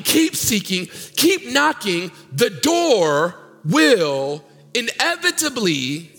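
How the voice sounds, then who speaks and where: A male pastor preaching a sermon, swinging from loud sung peaks down to low murmurs in call-and-response style. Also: big pitch swings, slow, few pauses. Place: church sanctuary. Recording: long hall reverb with faint music.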